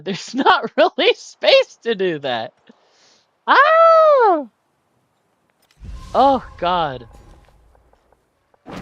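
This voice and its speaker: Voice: medium pitch, a bit bright, lo-fi sound, a little hiss or hum. A gamer giving casual gameplay commentary, breaking into melodramatic mock laments, yelps, swearing and laughter at setbacks. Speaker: strategy game streamer.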